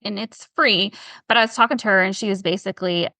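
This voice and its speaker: Woman, interview guest, bright voice, emphatic storytelling, dry close recording. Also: medium pitch, quick pace, dry recording. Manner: animated, emphatic retelling of a case. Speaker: guest health practitioner.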